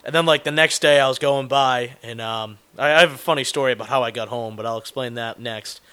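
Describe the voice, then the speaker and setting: Fast, bright-voiced rambling storyteller man. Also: mid-range voice, smooth. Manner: rambling, profane, self-mocking, laughs mid-story. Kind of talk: casual chat, rambling anecdote.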